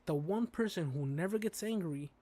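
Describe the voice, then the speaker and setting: A man's voice: high-pitched, lively intonation, normal speed, dark tone, no room sound. A man streaming a game, chatting casually and telling stories in slangy speech. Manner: slangy, storytelling, says "bro" and "dude". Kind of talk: casual chat while playing a game.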